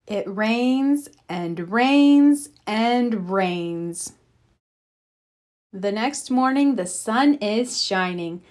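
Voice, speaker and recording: A woman reading a children's picture book aloud, slow and expressive. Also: medium pitch. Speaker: storybook reader. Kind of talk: children's read-aloud narration.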